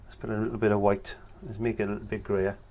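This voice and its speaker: A man's voice: fairly low pitch, little pitch movement, fast talker, darkish tone, slight background noise. A man teaching a painting tutorial, chatting casually and thinking aloud as he works. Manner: chatty, thinks aloud with fillers while working. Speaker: painting instructor.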